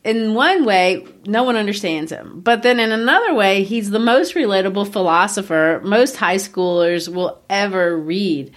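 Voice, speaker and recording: A woman co-hosting a casual literary discussion, explaining ideas in a measured way with occasional playful asides. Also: mid-range voice, animated. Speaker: podcast co-host.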